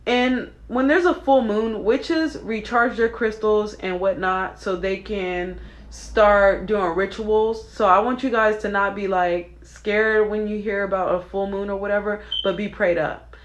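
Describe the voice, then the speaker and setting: Young woman, casual devotional vlog, chatty and earnest, mid-pitched voice. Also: fairly even intonation, unhurried, poor audio. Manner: chatty, earnest, many fillers and asides. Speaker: faith vlogger giving spiritual readings. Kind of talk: casual devotional talk to viewers.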